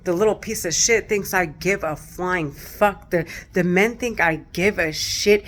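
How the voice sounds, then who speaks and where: A woman's voice: fairly low pitch, a little slow, hardly any pauses. A middle-aged woman speaking straight to camera, distressed and close to tears, talking in an agitated, repetitive way with a lot of swearing. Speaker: vlogger. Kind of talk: agitated direct-to-camera monologue.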